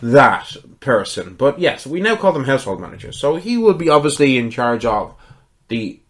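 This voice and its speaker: A man voicing a brisk chatty noblewoman. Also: mid-range voice, very animated, natural voice. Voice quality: brisk, eager to reassure. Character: chatty cheerful noblewoman friend.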